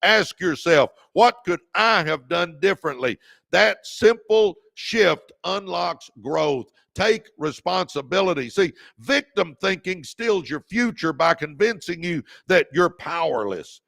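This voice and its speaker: Middle-aged guy hyping up his livestream, kinda high voice w some gravel, dry close sound. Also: expressive, measured pace, fairly bright tone, dry recording. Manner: fired-up, repeats key lines, thanks viewers by name; calls viewers "baby". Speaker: podcast host. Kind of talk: motivational livestream talk.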